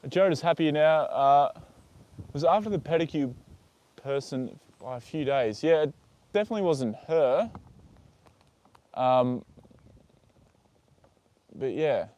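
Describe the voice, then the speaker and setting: A man's voice: fairly high pitch, expressive, measured pace, pauses often, dark tone. Swearing man talking to his horse. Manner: swears freely, mutters while working, talks to his horse. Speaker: livestreamer caring for a horse. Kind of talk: casual live-stream chat.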